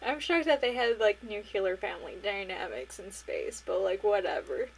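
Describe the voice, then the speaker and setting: A woman's voice: mid-range voice, lively intonation, normal speed, husky, rough recording. A woman co-hosting a casual book club podcast, laid-back, with short reactions and mild swearing. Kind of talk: casual chat.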